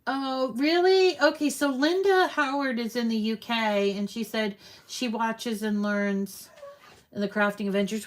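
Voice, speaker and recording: A woman hosting a casual crafting livestream, chatting warmly with viewers and reading their comments aloud. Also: fairly high pitch, steady tone, a little slow. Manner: talks sweetly to her dogs in a raised voice.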